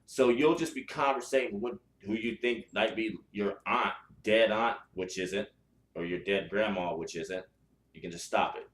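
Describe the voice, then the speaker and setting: A man's voice: on the low side, moderate pace, a bit bright, slight background noise. A man hosting a spiritual podcast, talking bluntly and profanely in a casual chat style, with lots of restarts. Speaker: podcast host. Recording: echoey room.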